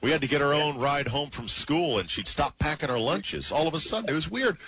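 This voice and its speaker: A man's voice: a little high, animated, a little fast, hardly any pauses, husky, dry recording. Man on sports radio, dramatic storyteller. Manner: dramatic storytelling, mimicking family members. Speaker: radio host. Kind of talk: sports talk radio monologue. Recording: tinny radio broadcast with faint hiss.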